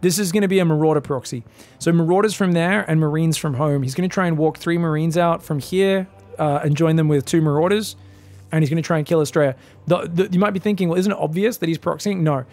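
A man casting a live esports match, excitable and joking, shouting out at big plays. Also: a little high, fast talker. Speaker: esports caster. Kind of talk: live game commentary.

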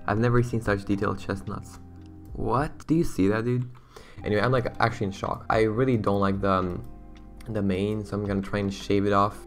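Gravelly young man gushing over a game. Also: lowish voice. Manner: excitable, slangy, rambling. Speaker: gaming YouTuber. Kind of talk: casual gameplay commentary.

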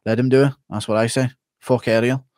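Brief: man putting on a cocky, foul-mouthed fighter, low and dry. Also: steady tone, a little fast, a little mellow, no room sound, lightly acted. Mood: swaggering. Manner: crude, swaggering, swearing. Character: brash young male English fighter, profane.

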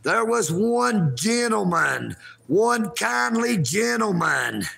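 A man, vlogging outdoors at a park in a folksy, rambling way that bursts into shouting. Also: high-pitched, creaky, breathy edge. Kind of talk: rambling livestream vlog.

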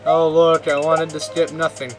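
A man's voice: a little high, level tone, normal speed, poor audio. A man giving sarcastic, rambling commentary while playing a video game. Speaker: gameplay commentator. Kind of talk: let's play commentary. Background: game music.

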